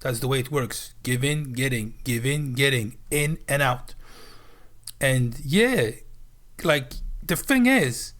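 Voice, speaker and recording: A man's voice: mid-range voice, lively intonation, slow pace, fairly bright tone. A man from France, a streamer ranting bluntly with lots of swearing and repeated points. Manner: blunt, swearing, emphatic repetition. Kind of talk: profane livestream rant.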